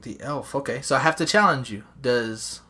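A man's voice: medium pitch, moderate pace, sharp tone, husky. A man hosting a podcast, talking loosely with restarts, swearing and laughing between points. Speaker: podcast host. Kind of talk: casual podcast banter.

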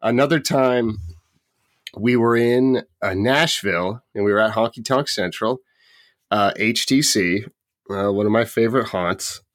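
A man's voice: fairly low pitch, a little slow, no room sound, studio quality. A man hosting a podcast in casual chat, telling joking anecdotes and laughing often. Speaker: podcast host.

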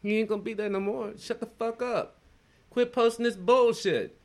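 A man's voice: sits high, steady tone, normal speed, vocal fry. A man co-hosting a podcast in casual chat, incredulous and profane, repeating his exclamations. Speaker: podcast co-host.

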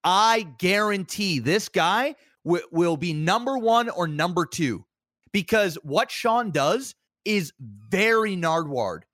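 A man co-hosting a casual podcast, telling stories excitedly and swearing often, calling his friend "bro" and "dude". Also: sits high, slow pace, no room sound, studio quality. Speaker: podcast co-host. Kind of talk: casual chat.

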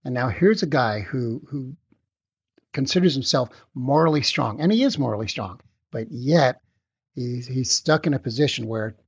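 A man's voice: mid-range voice, lively intonation, normal speed, slightly rough, no echo. A middle-aged man giving a live webinar lecture in a conversational way, often checking in with his listeners. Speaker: webinar presenter. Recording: muffled, lo-fi webinar audio.

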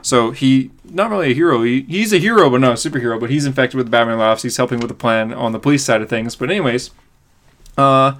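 Guy on a comics podcast, casual recap, mid pitch, excited, lots of uhs. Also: quick pace. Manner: enthusiastic, recaps plots with fillers and laughs. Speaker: podcast co-host. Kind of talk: casual comic book review chat.

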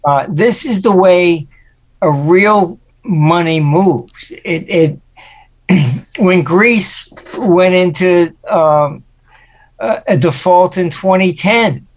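A man's voice: sits high, extremely slow. Older man telling market war stories. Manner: anecdotal, acts out quoted voices. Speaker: guest, market forecaster. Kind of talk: interview storytelling.

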